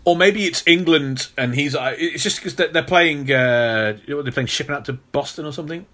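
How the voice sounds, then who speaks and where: A man's voice: fairly high pitch, fairly quick, pushed and bright. A man co-hosting a casual movie podcast, rambling through comic-book trivia and teasing his co-host with frequent restarts.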